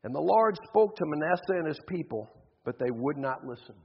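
Impassioned preacher in a reverberant hall. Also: male voice, a little high, animated, a little fast, gravelly, husky. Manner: impassioned, acts out biblical figures. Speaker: pastor. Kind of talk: sermon. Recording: dull audio with long hall reverb.

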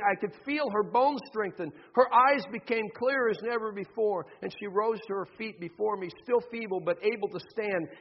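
A man with a high, husky voice delivers a sermon, reading a testimony in hushed tones and then pressing his points emphatically. He speaks in a church sanctuary. The recording is dull and washed in long reverb. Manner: soft, hushed storytelling turning to emphatic preaching. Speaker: pastor. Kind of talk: sermon with read-aloud testimony.

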